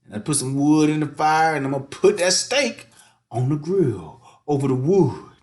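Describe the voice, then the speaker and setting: A man's voice: fairly high pitch, very animated, normal speed, darkish tone. A man chatting casually while cooking and eating on his vlog, full of slang. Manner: laid-back slangy chatter, sing-song hype chants. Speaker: mukbang vlogger.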